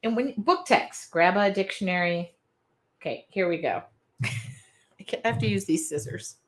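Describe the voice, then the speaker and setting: A woman's voice: medium pitch, expressive, unhurried. A woman with a drawl talks her way through a live craft session. Her chat wanders from topic to topic as she cuts and paints, and she reads her viewers' comments aloud. She laughs easily and keeps it all casual. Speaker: art journaling host. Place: home art studio with air conditioning running.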